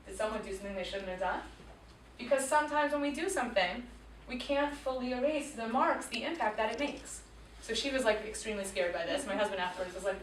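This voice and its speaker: A woman in her thirties, a teacher telling a lively personal story to a school audience, acting out voices and dropping to quiet tones. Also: mid-range voice, fast, slight background noise. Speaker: teacher speaking to students. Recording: echoey room picked up from far off.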